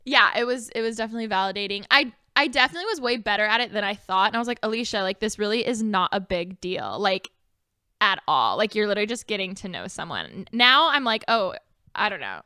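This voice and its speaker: A woman's voice: mid-range voice, animated, quick pace, bright, forceful tone, clean tone, dry recording, studio quality. A young woman in her twenties co-hosting a podcast, telling a story in bubbly casual chat full of fillers. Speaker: podcast co-host.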